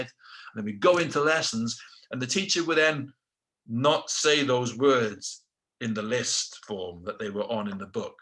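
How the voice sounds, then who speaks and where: Bright-voiced British man telling stories. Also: mid-range voice, a little slow. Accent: British English. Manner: animated, acts out quotes, self-deprecating asides. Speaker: guest telling his life story. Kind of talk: casual storytelling.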